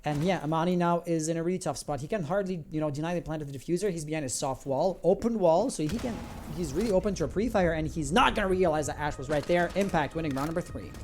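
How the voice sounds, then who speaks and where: A man giving live esports commentary, breaking down tactics and rising to excited calls on big plays. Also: a little high, fast talker, few pauses, slight background noise. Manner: analytical, builds to excited shouts on big plays. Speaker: esports caster.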